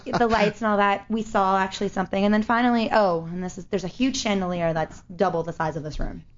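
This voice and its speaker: A woman telling a story in casual chat, animated, with loose swearing and many fillers. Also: mid-range voice, fast talker, a little hiss or hum. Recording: dull lo-fi audio.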